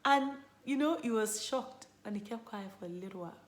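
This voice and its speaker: A woman vlogger casually telling viewers her story, chatty and animated, full of "you know" and "like". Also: fairly high pitch, a little fast. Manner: animated, lively retelling. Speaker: vlogger, mother sharing her birth story. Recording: roomy echo.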